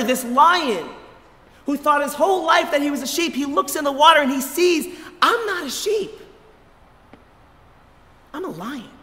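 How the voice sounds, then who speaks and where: A man giving an animated sermon as a rabbi, telling a story with emphatic repetition. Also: very high voice, in a large hall. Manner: animated, emphatic, repeats words as he builds. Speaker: rabbi giving a short lecture.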